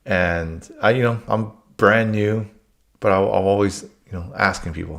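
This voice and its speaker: A man's voice: on the low side, normal speed, creaky, a bit bright. A man telling work stories in a casual monologue, blunt and rambling, swearing freely.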